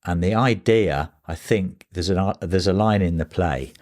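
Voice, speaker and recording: A man's voice: sits low, measured pace, a little mellow. A man in his sixties, a playwright guest, telling rambling stories casually in an interview, with restarts. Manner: rambling, restarts, anecdotal with voiced quotes.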